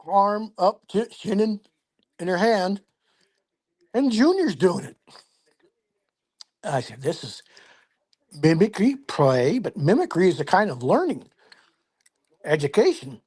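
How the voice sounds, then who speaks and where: An older man, a podcast guest, tells a first-person story in a measured, vivid way and drops to a hush at the tense moments. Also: high-pitched, sing-song. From Tacoma, Washington, USA.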